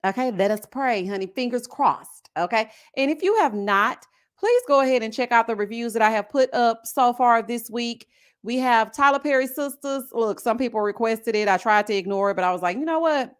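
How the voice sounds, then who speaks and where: Sassy high-voiced woman chatting live. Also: moderate pace, clean tone. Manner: sassy, animated, greeting viewers by name. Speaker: reality TV reviewer hosting a live stream. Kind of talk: casual live-stream chat.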